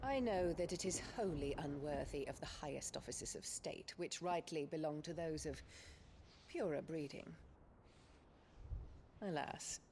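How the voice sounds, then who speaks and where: A woman's voice: low voice, measured pace, long pauses, background noise. An actress playing a cruel, haughty noblewoman in a video game, speaking with cold contempt. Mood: sneering.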